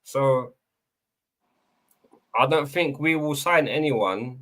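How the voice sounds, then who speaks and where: Mid-pitched man, measured chat. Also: fairly bright tone. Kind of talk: casual live podcast chat.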